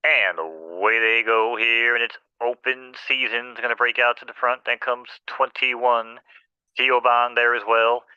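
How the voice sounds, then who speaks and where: Bright, crisp man calling a race. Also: mid-range voice, fairly even intonation, no echo, dull audio. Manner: rapid, playful, rhythmic race calling. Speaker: horse race caller. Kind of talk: race commentary.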